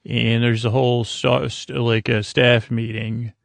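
A man's voice: medium pitch, level tone, a little slow, vocal fry, dry recording. A man hosting a podcast, casually recapping an episode, rambling with fillers and quoting characters. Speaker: podcast host.

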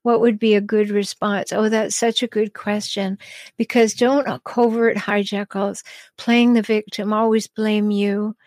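A woman hosting an advice podcast, answering listener questions in a calm, chatty way with frequent ums and small laughs. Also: mid-range voice, unhurried, no echo. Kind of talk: advice talk show.

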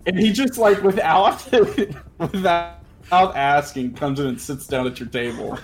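A man narrating a tabletop game as game master, animated and laughing. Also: on the high side, unhurried.

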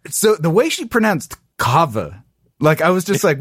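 A man's voice: on the high side, breathy edge, dry recording, clean studio sound. A man co-hosting a podcast, chatting casually and playfully about a TV episode over a video call. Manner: animated, quick asides, playful quoted voices. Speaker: podcast co-host. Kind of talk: casual recap chat.

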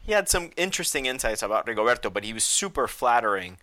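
A man's voice: medium pitch, big pitch swings, fast, bright, forceful tone. A man in casual podcast chat, telling stories with animation and acting out the dialogue he quotes.

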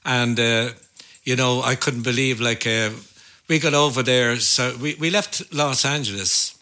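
An older Irish musician telling stories in a rambling, casual chat, full of fillers and restarts. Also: male voice, medium pitch, unhurried, bright, forceful tone. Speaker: musician recalling gigs.

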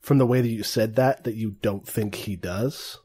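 A man's voice: lowish voice, moderate pace, mellow, breathy edge. A man narrating and running a tabletop role-playing game in a casual, hesitant way. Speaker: game master.

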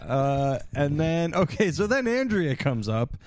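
A man recapping a show in slow, unhurried speech, giggling often as he acts out the characters' lines. His pitch swings widely and sits a little high. The sound is dry and close. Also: dry recording. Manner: giggly, rambling storyteller acting out characters' lines. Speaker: podcast co-host recapping a TV episode. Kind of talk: casual chat.

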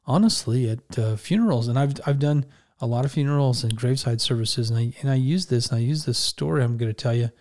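A man pastor giving a conversational sermon, halting and restarting as he talks, and reading scripture slowly and gently. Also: medium pitch.

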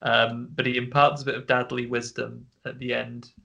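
Gravelly, bright-toned man recapping a film. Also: medium pitch, little pitch movement. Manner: recounts scenes with quick bits of voice mimicry and laughs. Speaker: podcast co-host. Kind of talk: casual film discussion. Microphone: remote call.

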